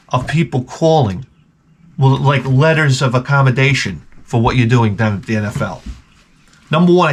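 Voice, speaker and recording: Profane rambling storytelling man. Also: mid-range voice. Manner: rambling, profane, with acted-out quotes. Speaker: channel host. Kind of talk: comedic storytelling rant.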